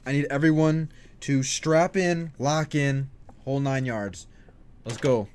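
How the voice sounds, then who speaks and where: A man's voice: medium pitch, a little slow, darkish tone, slight background noise. A man giving casual commentary on a video game, hyped and talkative, rallying his viewers and goofing around. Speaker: gaming streamer.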